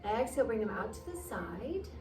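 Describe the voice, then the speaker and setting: A woman guiding children through a yoga class, gently encouraging and playful, sometimes making animal noises. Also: on the high side, sing-song, moderate pace, distant mic. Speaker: kids' yoga teacher. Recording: roomy sound from away from the mic with soft music.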